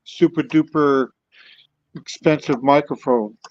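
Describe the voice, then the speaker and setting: A man co-hosting a casual podcast, talking in a halting way with many fillers. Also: fairly high pitch, steady tone, a little mellow, dry recording, muffled recording. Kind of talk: casual chat.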